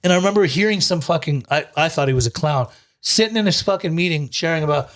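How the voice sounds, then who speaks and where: Give me a man with a fairly high voice telling his life story as a guest. He swears constantly and talks in a lively, streetwise way. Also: fast. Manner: profane, animated, streetwise. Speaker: guest, recovery coach. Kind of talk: casual storytelling.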